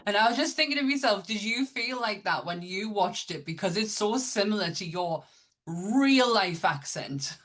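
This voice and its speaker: A woman's voice: mid-range voice, animated, normal speed, a bit bright. A woman hosting a podcast in casual chat, blunt and chatty, swearing freely. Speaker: podcast host.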